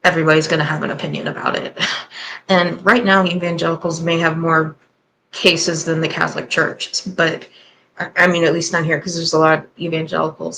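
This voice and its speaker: A woman's voice: low-pitched, gravelly, a bit bright, slight background noise, low-quality recording. A woman hosting a reaction commentary, candid and sarcastic in her skeptical remarks. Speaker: host and commentator.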